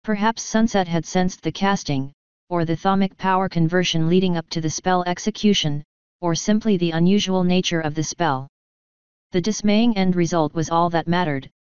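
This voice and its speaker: A woman narrating a fan fiction story in an even, steady reading, in a slightly dull, dry recording. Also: on the low side, moderate pace, smooth, no echo.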